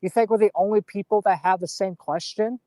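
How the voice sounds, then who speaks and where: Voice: mid-range voice, fairly even intonation, fairly quick, mellow, dry recording, studio quality. A co-host on a casual commentary stream, talking bluntly with frequent profanity.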